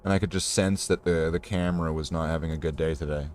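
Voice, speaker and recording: Deep-voiced man chatting while painting miniatures. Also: steady tone, fast talker, darkish tone, slight background noise. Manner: rambling, joking, self-deprecating. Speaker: miniature painter streaming his hobby. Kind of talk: casual commentary while painting. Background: faint guitar music.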